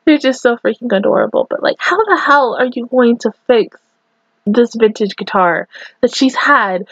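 A woman's voice: fairly high pitch, moderate pace, a bit bright, dry recording, muffled recording. A young woman hosting an anime reaction, gushing and giggling through casual commentary full of "like" and "oh my god".

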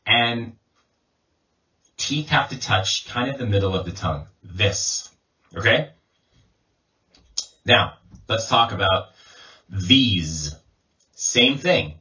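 Guy english coach drilling sounds real slow, bright tense tone, kinda muffled. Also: fairly low pitch. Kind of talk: pronunciation lesson. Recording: distant mic, dull lo-fi sound.

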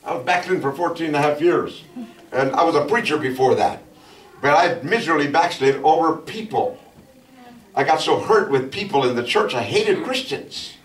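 Middle-aged preacher guy, sermon testimony, high-ish voice that swoops all over, echoey church room. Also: expressive, moderate pace, distant mic. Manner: testimony preaching, rising to fervent shouts. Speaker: pastor. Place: church sanctuary.

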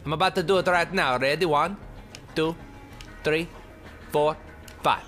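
A man's voice: fairly high pitch, normal speed, pauses often, a bit bright, soft background music. A young man giving goofy, rambling gameplay commentary, joking at his own expense and breaking into mock screams. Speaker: let's play commentator.

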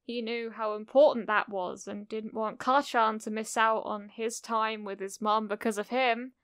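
A woman narrating a cozy fan fiction audiobook in a gentle, unhurried storytelling manner. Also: a little high, fairly even intonation, smooth, no echo, clean studio sound.

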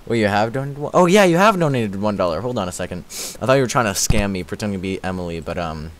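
A man streaming a game live, chatting casually with a slightly raspy voice and thanking viewers as he plays. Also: lowish voice, animated, fast. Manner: chatty, thanks viewers, repeats filler words. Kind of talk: casual livestream commentary while playing.

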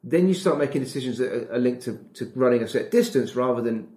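Male coach, animated podcast guest, mid-pitched voice, echoey room. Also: fast. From Britain. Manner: animated, acts out his inner dialogue. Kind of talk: casual podcast chat.

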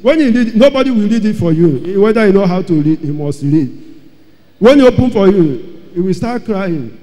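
A man giving an emotional church testimony, telling his story dramatically and repeating phrases, his loudness rising and falling. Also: high-pitched, animated, moderate pace. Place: large church hall. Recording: long hall reverb.

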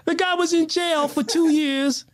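A man from the United States, a guest on a talk show, telling stories in an excitable, animated way with many restarts. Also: very high-pitched, slight background noise. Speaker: guest, martial artist. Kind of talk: casual conversational storytelling.

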